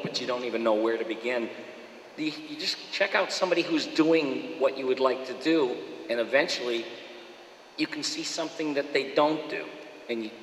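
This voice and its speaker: Voice actor guy swapping stories, lively, bright tone, big roomy echo. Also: medium pitch, slight background noise. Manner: animated, jumps into voices and impressions. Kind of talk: storytelling interview.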